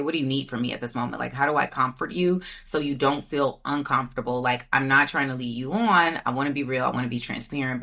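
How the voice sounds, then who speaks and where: Low-voiced woman telling a candid story. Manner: candid, animated retelling with mock-quoted voices. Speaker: podcast host. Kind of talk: casual storytelling monologue.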